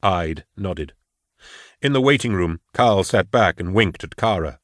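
A man narrating an audiobook in a steady, measured storytelling manner. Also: deep voice, no echo, clean studio sound. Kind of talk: scripted narration.

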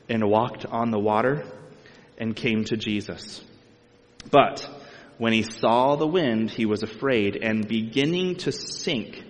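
A man preaching a sermon, mixing scripture reading with relaxed, conversational asides. His voice sits at an ordinary middle pitch. The sound rings with the long reverb of a large hall. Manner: conversational, asides and speculation with light laughs.

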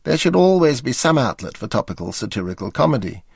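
A man's voice: mid-range voice, very animated, fast talker, gravelly, breathy edge, dry recording. An older man reading his memoir aloud with dry, wry understatement. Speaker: memoir narrator.

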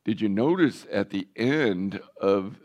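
A man's voice: fairly low pitch, expressive, slow, darkish tone. A man in his seventies, a pastor, telling his own story in a candid, joking sermon. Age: 70s. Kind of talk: personal testimony sermon.

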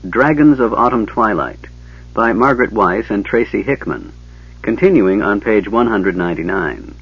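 A man narrating an audiobook in an expressive storytelling manner. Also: on the low side, moderate pace, husky. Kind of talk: scripted narration. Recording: dull lo-fi tape, dry.

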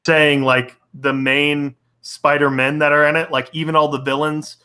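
A man with a bright, forceful voice that sits a little high, chatting casually as a host. He gets excitable and laughs often while he talks. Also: clean tone. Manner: excitable, laughs often, quick fan talk. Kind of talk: casual chat.

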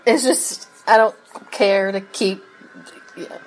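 A woman chatting on a podcast about a TV episode. She talks slowly and unhurriedly, drifting off track and laughing as she goes. Her pitch sits in an ordinary middle range. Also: steady tone, faint music behind, rough recording. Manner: slow, meandering, laughs often, loses her place. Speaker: podcast co-host. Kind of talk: casual chat recapping a TV episode.

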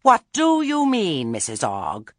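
A man putting on a shrill, haughty witch. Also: animated, normal speed, bright, forceful tone, husky, no echo, clean studio sound, heavily acted. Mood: indignant. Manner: imperious, indignant.

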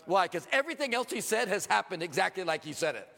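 A middle-aged man preaching a sermon in a church sanctuary, his high voice roughened by a gravelly edge. He preaches animatedly and slips into quoted voices with sudden swings of pitch. A long hall reverb trails every phrase. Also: big pitch swings, quick pace, bright, forceful tone. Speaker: pastor.

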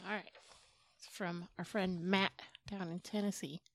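A woman's voice: fairly low pitch, steady tone, unhurried. Upbeat woman co-hosting a podcast. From New England. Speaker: podcast co-host. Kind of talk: casual chat.

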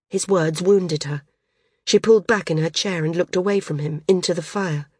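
A woman reading a novel aloud as an audiobook narrator, in a measured, unhurried storytelling manner. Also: on the low side, a little mellow, breathy edge, no echo, clean studio sound. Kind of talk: scripted narration.

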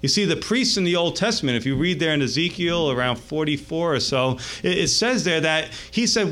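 A man pastor gives a sermon in a chatty, animated way. His voice sits a little on the high side. He keeps checking in with the congregation as he goes. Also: a little fast, few pauses. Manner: conversational, animated, addresses listeners as gang.

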